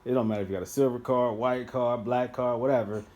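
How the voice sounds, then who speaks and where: A man filming a car fix on his phone chatty and excitable. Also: mid-range voice, fast talker, lo-fi sound. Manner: chatty, addresses viewers directly, bursts into loud excitement. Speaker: DIY car repair vlogger. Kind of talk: casual how-to vlog. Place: working on a car, by its headlight. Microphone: handheld phone.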